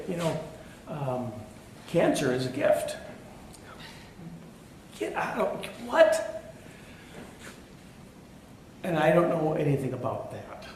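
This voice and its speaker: A middle-aged man delivers a sermon in a church sanctuary, his voice bouncing around a very reverberant room with a faint hum of ambience. He speaks candidly about his own struggles, mixing in dry, self-deprecating humor. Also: medium pitch. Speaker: pastor.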